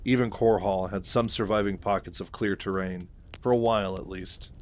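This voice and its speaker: Man reading as a stern colonel barking clipped orders, lowish voice, storybook retelling. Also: fairly even intonation, normal speed, natural voice. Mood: grim. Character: stern male military colonel commanding a starship.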